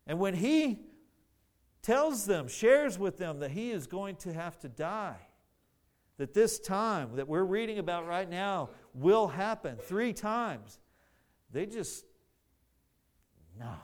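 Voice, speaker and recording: A man's voice: high voice, big pitch swings, slow, pauses often. A man preaching a sermon, earnest, often repeating words as he searches for the phrasing.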